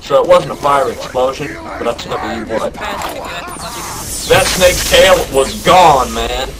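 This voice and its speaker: A man voicing a rambling young Southern good-ol'-boy who drawls through a story and bursts into yelled quotes, over game voice chat. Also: mid-range voice, expressive, slow pace, heavy background noise. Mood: tall tale.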